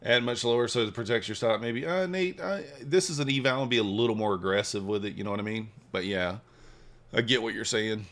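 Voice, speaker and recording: A man hosting a trading livestream, casually reading and answering viewer chat while he trades, swinging between hyped shout-outs and quiet muttering. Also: on the low side, brisk. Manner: hypes viewers, reads chat aloud, shifts from excited shouts to mumbling. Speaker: livestream host, futures trader.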